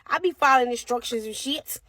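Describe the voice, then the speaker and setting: High-voiced woman telling a funny story. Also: a little fast, no room sound. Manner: animated, profane, exasperated. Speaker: parent. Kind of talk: comedic storytelling.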